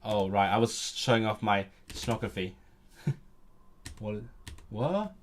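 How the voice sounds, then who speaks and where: A young man streaming casually, reading aloud and thinking out loud, often stumbling and restarting his sentences. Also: on the low side, lively intonation, slow pace, slight background noise. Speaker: language-learning streamer.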